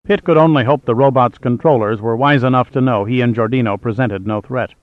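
A man reading a thriller audiobook aloud in steady, even storytelling narration. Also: medium pitch, a little fast, dry recording. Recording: tinny phone-like sound.

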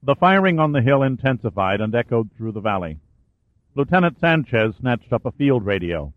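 A man reading a war thriller aloud as an audiobook narrator, in steady storytelling. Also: medium pitch, moderate pace, no echo. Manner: steady storytelling, lifts and raises his voice for shouted dialogue. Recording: dry, tinny phone-like sound.

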